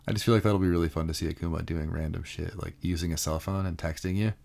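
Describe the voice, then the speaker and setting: A man's voice: low voice, fairly even intonation, fast, vocal fry, a little mellow. A man co-hosting a podcast, chatting casually about fighting games with frequent laughs and loose filler words. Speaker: podcast co-host.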